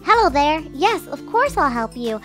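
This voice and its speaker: A woman's voice: sits high, very animated, normal speed, fairly bright tone, faint music behind. Woman doing a polite hospital receptionist. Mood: helpful.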